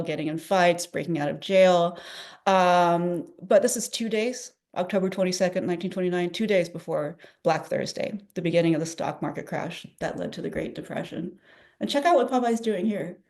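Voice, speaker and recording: Woman presenter, lively, slightly low voice, fillers. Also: a little fast. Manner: animated, enthusiastic, with frequent fillers. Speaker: presenter at a public domain celebration. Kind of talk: presentation talk.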